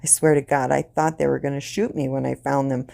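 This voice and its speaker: A woman voicing a rough, loyal male soldier, talking urgently and close to tears. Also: low voice, moderate pace, dark tone. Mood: tearful relief. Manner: urgent, emotional, near tears.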